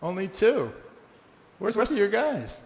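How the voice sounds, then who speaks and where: Animated man in a reverberant hall. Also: high voice, moderate pace, a little hiss or hum. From United States. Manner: animated storyteller, exclamatory asides to the audience. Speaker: class speaker. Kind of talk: lively scripture class talk. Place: temple hall with a live audience.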